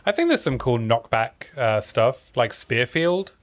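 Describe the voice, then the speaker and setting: A man's voice: mid-range voice, very animated, measured pace. A man chatting casually while streaming a video game, joking around and trailing off with fillers. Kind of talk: casual gameplay chat.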